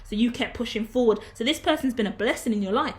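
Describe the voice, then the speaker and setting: Woman, tarot reader, rapid, fairly high voice, emphatic, preachy, swears. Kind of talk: casual tarot reading.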